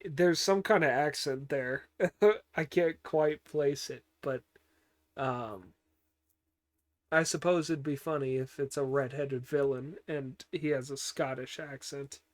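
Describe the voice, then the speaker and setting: A man giving a casual, unhurried recap of a cartoon episode, with many pauses and fillers and dry joking asides. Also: medium pitch, steady tone. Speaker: show recapper.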